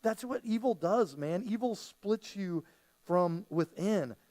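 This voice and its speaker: A man's voice: high voice, expressive, takes it slowly, warm tone. A man preaching a sermon as pastor, talking casually and often acting out the voices he quotes.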